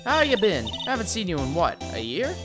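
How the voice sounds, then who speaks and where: A man doing a brassy Southern woman with a high, twangy put-on American Southern accent, bursting with excitable energy. She barks out her lines loud and lively, with a bouncing pitch. Game music sits clearly underneath. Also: fairly quick. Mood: excited.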